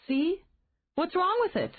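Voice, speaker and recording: An outspoken young woman, as a woman reader plays her, talking in high, exclamatory, swooping bursts. The sound is thin and tinny, as if heard over a phone. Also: unhurried, full character voice. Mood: animated. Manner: exclamatory, animated.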